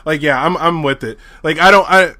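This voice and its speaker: Excited podcast guy chatting, laughs a lot, bright voice, dry sound. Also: a little high, moderate pace, dry recording. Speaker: podcast co-host. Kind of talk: casual chat.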